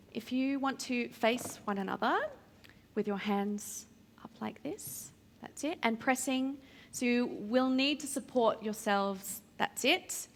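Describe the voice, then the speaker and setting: Upbeat Australian woman leading warm-ups. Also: a little high. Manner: encouraging, upbeat, demonstrating exercises. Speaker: drama workshop facilitator. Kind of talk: guiding a voice warm-up.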